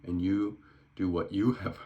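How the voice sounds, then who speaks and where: A calm, earnest teacher, read aloud by a man in a low, deep voice. It is a casual scripture reading, plain and unforced, and it speeds up now and then. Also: a little slow, muffled recording.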